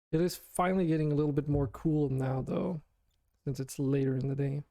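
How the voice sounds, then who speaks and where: A man's voice: fairly high pitch, steady tone, normal speed, dark tone, no echo, studio quality. A man streaming a game, chatting casually with viewers in a chatty, self-deprecating way and laughing often. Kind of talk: casual live-stream chat.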